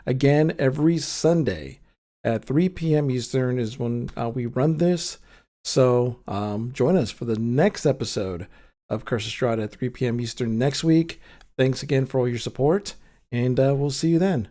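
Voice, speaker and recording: A man playing in an online tabletop game and co-hosting the stream, laid-back and quick to laugh. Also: medium pitch, dark tone. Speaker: player and stream co-host. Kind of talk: casual game table chat.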